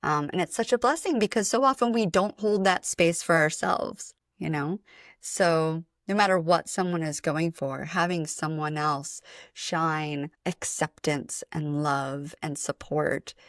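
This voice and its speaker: A woman speaking slowly, with a low voice. She is a spiritual coach talking as a podcast guest, gentle and measured. Her voice is recorded dry and close, with no room echo. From Atlanta, USA. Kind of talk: reflective interview talk.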